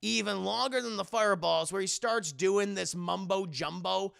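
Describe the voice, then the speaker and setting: A young man streaming, recapping a show to his live chat in an animated, profane way. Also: high voice, normal speed, creaky. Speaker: streamer, anime reviewer.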